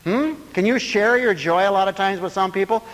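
A man preaching a lively sermon, breaking into laughter and playful asides. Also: brisk, big-room sound. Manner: animated, swooping pitch, laughing asides.

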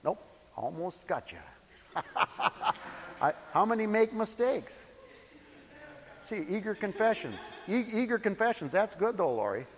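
A man preaching a sermon in a folksy way, moving between soft asides and loud, emphatic points. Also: high voice, sing-song, a little slow, long pauses, in a large hall. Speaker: pastor.

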